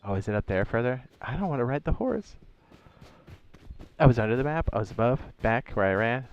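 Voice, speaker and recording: A man's voice: mid-range voice, animated, fairly quick, highs cut off. A man streaming a game live, talking in a jittery, startled, rambling way. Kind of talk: live gameplay commentary.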